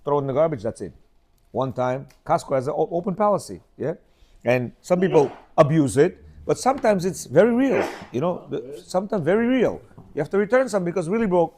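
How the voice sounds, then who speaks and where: Middle-aged male host, higher voice, lively and animated, rambling storyteller who acts out quotes. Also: quick pace. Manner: animated, rambling, frequent restarts and acted quotes. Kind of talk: casual storytelling commentary.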